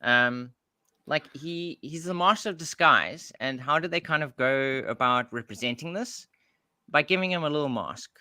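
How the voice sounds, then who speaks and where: South African man, podcast co-host, bright tone, rambling, casual, dry sound. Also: fairly high pitch, normal speed, no echo. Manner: rambling, with frequent restarts and laughs.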